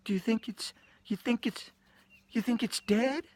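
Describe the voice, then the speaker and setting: A man voicing a sweet, soft-hearted woman who stammers anxiously in a raised voice. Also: very high voice, lively intonation, moderate pace, a little hiss or hum, voice pushed up, exaggerated voice. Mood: flustered.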